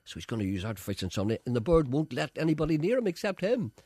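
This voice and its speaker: A man hosting a radio show, telling anecdotes in animated, casual studio chat. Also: a little high, racing. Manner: animated storyteller, acting out voices. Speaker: radio host.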